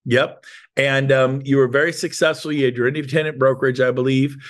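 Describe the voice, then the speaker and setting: A man's voice: mid-range voice, level tone, fairly quick. A man in his fifties hosting a real estate sales meeting, giving an emphatic, emotional motivational talk and praising his guests. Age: 50s.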